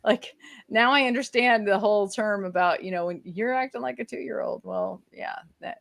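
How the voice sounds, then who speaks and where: A woman's voice: medium pitch, normal speed, gravelly, a bit bright. A woman co-hosting a casual podcast at home, reflective and full of "you know" fillers. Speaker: podcast co-host. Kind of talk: casual chat. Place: at home with a toddler nearby.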